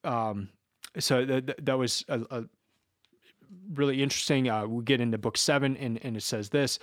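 A man's voice: mid-range voice, steady tone, normal speed, no room sound, clean studio sound. A man giving a casual, reflective talk, stumbling through many repeated starts as he thinks aloud. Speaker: speaker discussing a book series.

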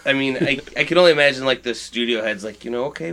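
A man's voice: medium pitch, fast, a bit bright. A man in casual podcast chat, rambling with many restarts and frequent swearing.

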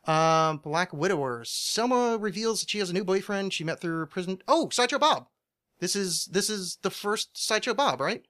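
A man's voice: high voice, animated, moderate pace, pushed and bright. A young man co-hosting a casual podcast about a TV show, rambling and joking with lots of restarts. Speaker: podcast co-host.

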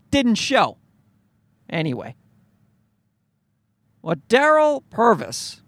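A man's voice: high voice, no room sound. A man hosting a solo podcast, ranting in an exasperated, profane and rambling way. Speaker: podcast host. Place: recorded at home at night.

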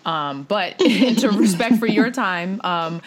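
A woman hosting a podcast, praising her guests effusively with halting restarts. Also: medium pitch, expressive. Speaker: podcast host. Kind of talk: casual podcast conversation.

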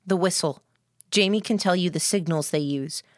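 A woman's voice: lowish voice, no echo, studio quality, close to an everyday voice. Woman voicing a shrewd young male schemer. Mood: persuasive. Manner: quick, persuasive explaining. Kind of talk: audiobook character voice.

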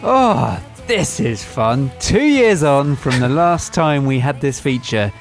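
A man's voice: mid-range voice, very animated, slow pace, loud music behind the voice. A man co-hosting a podcast, joking and punning in casual chat with frequent restarts. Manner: playful, punning, stumbling restarts. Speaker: podcast co-host.

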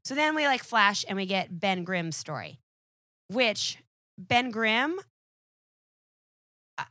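A woman's voice: mid-range voice, big pitch swings, slow pace, pushed and bright, dry recording, clean studio sound. A young woman guesting on a podcast, chatting casually in a rambling, laughing way full of "like". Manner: rambling, laughing, sprinkled with "like" and swearing.

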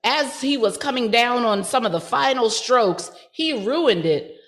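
Slow-drawling woman co-host. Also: on the high side, lively intonation, fairly bright tone. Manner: slow drawl, breaks into sung R&B lines. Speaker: podcast co-host. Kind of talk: casual comedic chat.

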